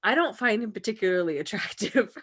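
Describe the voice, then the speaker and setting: A woman's voice: mid-range voice, lively intonation, brisk, fairly bright tone. A woman co-hosting a podcast, chatting casually, blunt and joking, often laughing. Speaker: podcast co-host. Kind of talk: casual chat.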